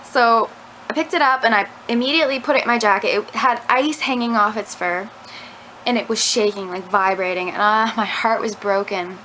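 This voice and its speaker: A woman's voice: fairly high pitch, moderate pace, sharp tone, slight background noise, rough recording. A young woman telling a rambling story to her camera at home, full of "like" fillers. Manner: chatty, rambling, lots of "like" fillers. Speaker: vlogger. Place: at home indoors. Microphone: camera mic.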